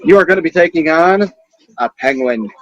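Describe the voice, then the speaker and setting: A man with a high voice hosts a silly game segment on a comedy podcast, bossy and playful. The sound is dry and close to the mic. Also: lively intonation, normal speed, fairly bright tone, dry recording, muffled recording. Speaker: podcast co-host running a game. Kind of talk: casual comedy podcast banter.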